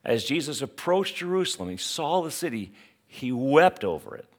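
A man's voice: medium pitch, sing-song, normal speed. A middle-aged man preaching a sermon, emphatic and dramatic, full of rhetorical questions. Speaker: pastor.

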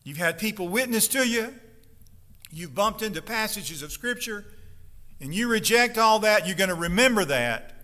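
Preacher, male, high bright voice, dramatic sermon in a reverberant church hall. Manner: impassioned preaching, acting out pleading voices. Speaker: pastor.

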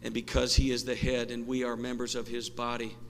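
A man preaching a sermon as pastor, impassioned and rising to shouts, in a church sanctuary. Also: medium pitch, monotone, a little fast, gravelly. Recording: long church hall reverb, faint noise.

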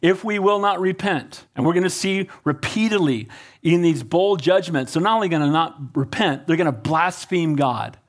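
A pastor preaching to his congregation, his voice sitting a little high for a man. He keeps asking the room questions and doubles back on his words as he makes each point. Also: expressive, normal speed. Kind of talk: sermon.

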